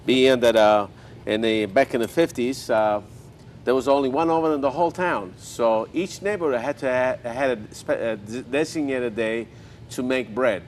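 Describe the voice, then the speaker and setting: A man's voice: mid-range voice, normal speed, slight background noise. Older male cooking host, chatty storyteller, mid-range voice. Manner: folksy storyteller, joking asides.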